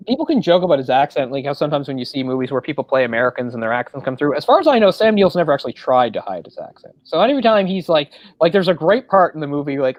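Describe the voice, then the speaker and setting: A man in casual chat about movies, his voice at an ordinary male pitch. He rambles and fills the gaps with "like" and "you know". The recording sounds dull and lo-fi. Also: no echo. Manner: rambling, filler-heavy. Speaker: podcast co-host. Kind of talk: casual film discussion.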